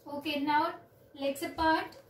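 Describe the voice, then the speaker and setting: A woman, teaching children yoga on a video call with slow, clear instructions and counting. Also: high voice, fairly even intonation, slight background noise. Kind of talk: online yoga class for children. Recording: roomy, distant from the mic.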